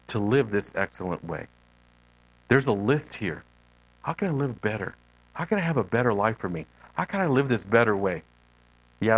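A man's voice: on the low side, no echo, highs cut off. A middle-aged man, a lay preacher and missionary, giving an unscripted sermon full of personal stories and acting out the voices he quotes. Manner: earnest storytelling, animated quoted voices.

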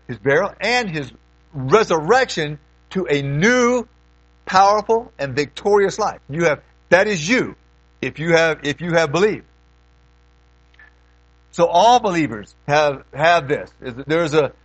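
A man preaching a conversational teaching sermon as a pastor, emphatic and lively, often clearing his throat between points. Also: fairly high pitch, no echo, poor audio.

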